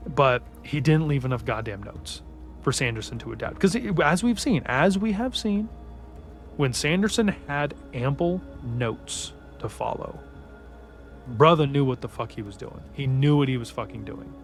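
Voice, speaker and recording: A man's voice: medium pitch, lively intonation, moderate pace, faint music behind. A man giving a casual spoken book review in a heated, profanity-heavy rant.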